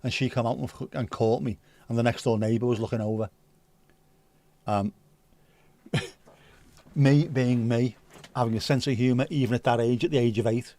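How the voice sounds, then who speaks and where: A man's voice: mid-range voice, fairly even intonation, moderate pace, long pauses, mellow. A man, hosting a livestream and chatting casually with viewers, telling comic stories and swearing freely. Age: 50s. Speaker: livestream host. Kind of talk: casual chat reading viewer comments.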